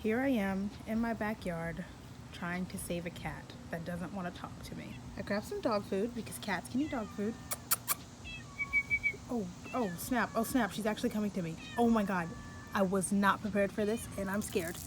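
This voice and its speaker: A young woman chatting casually in a home vlog, joking about herself and squealing when she gets excited. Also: mid-range voice, moderate pace, noisy background. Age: young adult. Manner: jokey, self-deprecating, squeals when excited. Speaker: vlogger. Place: home and backyard.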